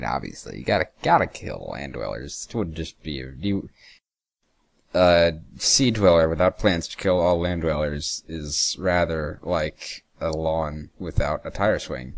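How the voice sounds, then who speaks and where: A man's voice: very deep voice, unhurried, vocal fry, no echo, studio quality. A young man giving casual, sarcastic reaction commentary, swearing freely and stumbling as he reads lines aloud. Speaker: reaction video host.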